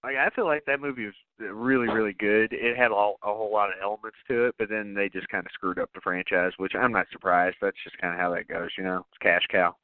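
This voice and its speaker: A man co-hosting a podcast in a casual movie-review chat, animated and swearing, acting out quotes in bursts. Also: fairly low pitch, fast talker, hardly any pauses, dry recording, narrow, tinny audio. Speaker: podcast co-host.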